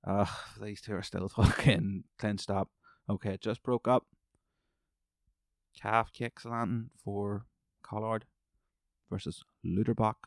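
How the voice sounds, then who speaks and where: A man hosts his own podcast, rambling and swearing with excitable energy while calling a fight as he watches. His voice sits on the low side. The recording is dry and close, with no room echo. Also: slow, vocal fry, pauses often. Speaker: podcast host. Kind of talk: solo podcast chat with live fight commentary.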